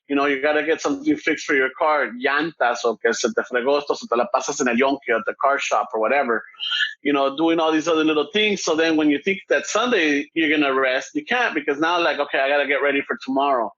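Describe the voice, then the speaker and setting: A man's voice: fairly high pitch, fast talker, sharp tone. A man with a Chicano English accent, co-hosting a casual podcast conversation. He talks in a rambling, reflective way over a video call, slipping between Spanish and English. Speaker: podcast co-host. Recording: dull lo-fi video call audio.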